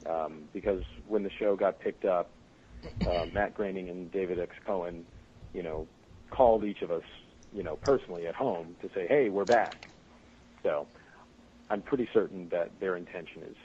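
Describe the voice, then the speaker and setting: Lively low-voiced man, muffled recording. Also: normal speed. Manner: animated, laughing storyteller. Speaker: voice actor guest. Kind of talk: casual interview chat. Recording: muffled podcast audio with faint noise.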